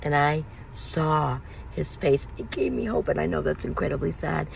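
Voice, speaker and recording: A woman's voice: sits low, steady tone, moderate pace, creaky, slight background noise, rough recording. A woman and mother telling her own painful story on a vlog, in an emotional, rambling, confessional way. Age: adult, mother of young children.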